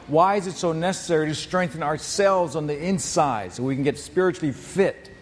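A man preaching a sermon as pastor, telling stories with lively acted-out voices. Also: fairly high pitch. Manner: animated storytelling, acts out voices. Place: church hall. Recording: long hall reverb, faint noise.

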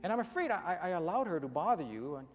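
A man voicing a gentle, grieving young mother. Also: sits high, very animated. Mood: apologetic. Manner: soft, halting, apologetic. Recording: long hall reverb with soft music.

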